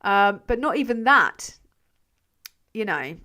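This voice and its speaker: A woman chats loosely on her live stream, replying to viewer comments. She rambles, drops sentences halfway and swears without a second thought, mocking herself as she goes. Her voice sits at an ordinary middle pitch. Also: sing-song, takes it slowly, sharp tone. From England. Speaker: channel host.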